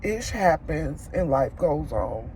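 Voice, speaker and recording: A woman's voice: deep voice, sing-song, takes it slowly, warm tone, slight background noise. A woman vlogger crying as she vents about a friendship breakup, swearing as she talks to camera from her car. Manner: tearful, venting, swearing. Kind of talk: emotional car chat to camera. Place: inside a parked car.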